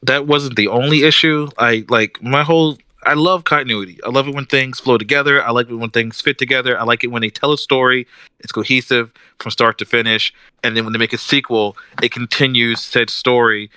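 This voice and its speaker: A man co-hosting a podcast in casual chat, ranting with animated energy and mimicking characters as he tells a story. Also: medium pitch, fairly quick, clean tone, no room sound. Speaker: podcast co-host.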